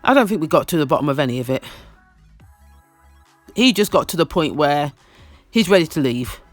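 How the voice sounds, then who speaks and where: A man talks through a reality show episode in a casual, opinionated commentary, repeating lines for emphasis. His voice sits a little high and swings widely in pitch. The sound is dry and close, with faint music underneath. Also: lively intonation, moderate pace, no room sound.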